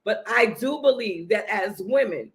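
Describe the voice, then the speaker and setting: A woman's voice: medium pitch, expressive, measured pace. A middle-aged woman giving marriage advice on a podcast in an earnest, coaching way, often checking in with "right?". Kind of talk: casual preaching talk.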